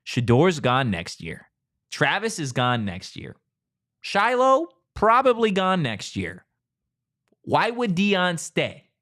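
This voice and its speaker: A man's voice: high-pitched, wildly swooping pitch, takes it slowly, a bit bright. A man hosting a sports talk show, brash and mocking, swearing freely in casual chat.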